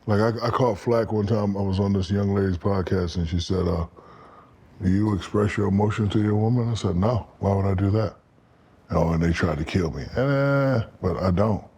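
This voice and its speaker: A man in his fifties, a podcast guest, telling animated, profane stories and acting out quoted lines. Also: lowish voice, normal speed, slightly rough. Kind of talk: storytelling in casual interview.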